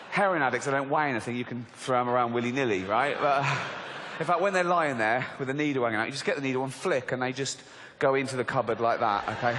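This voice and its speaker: An English man in his forties doing a mocking, animated stand-up comedy routine on a theatre stage. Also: slight background noise. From England. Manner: animated, mocking, slips into squeaky put-on voices. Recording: live hall with reverb and crowd.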